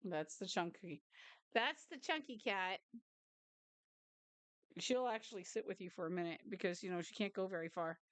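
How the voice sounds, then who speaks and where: Lady streaming live, playful, coos at her cats, smooth voice, dry mic. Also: medium pitch, normal speed, pauses often, no room sound. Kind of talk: casual live-stream chat.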